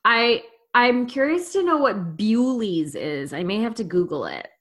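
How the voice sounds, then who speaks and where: A woman's voice: on the high side, very animated, a little slow. An American woman co-hosting a podcast, chatting casually and playfully and laughing often. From United States. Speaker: podcast co-host. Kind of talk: casual chat.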